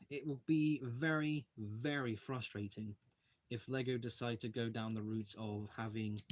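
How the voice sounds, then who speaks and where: A young man hosting a casual livestream, rambling as he takes brick models apart and reads out viewer questions. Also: medium pitch. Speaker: channel host live streaming a brick-model build. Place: home hobby room, taking models apart at a desk.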